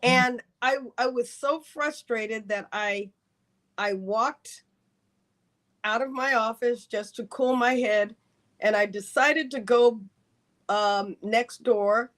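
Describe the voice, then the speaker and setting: A woman's voice: a little high, slow. A woman, a retired Air Force colonel, telling a long career story in a podcast interview and acting out the voices of the people in it. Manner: animated storyteller, acts out quoted dialogue.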